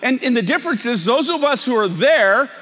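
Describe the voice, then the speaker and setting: A man's voice: very high voice, expressive, brisk, a bit bright, big-room sound. A man preaching a sermon as pastor, talking in a conversational, emphatic way.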